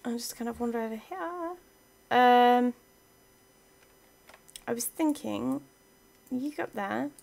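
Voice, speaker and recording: A young woman gives casual let's-play commentary, chatting away and talking to her game pieces. Her voice sits a little higher than most women's. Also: slow pace, gravelly, long pauses, a little mellow.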